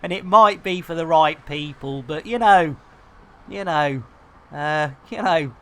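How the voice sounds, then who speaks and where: A woman's voice: low-pitched, measured pace. A woman, chatting casually and self-mockingly while streaming a game, laughing and swearing mildly. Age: 50s. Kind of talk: casual live-stream chat.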